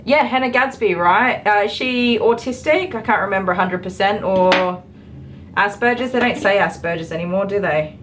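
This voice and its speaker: A middle-aged dog groomer chats on a live stream while working indoors in her grooming salon, full of ums and laughter. Her voice is medium-pitched and moderately paced. The recording is rough, with a little hiss or hum.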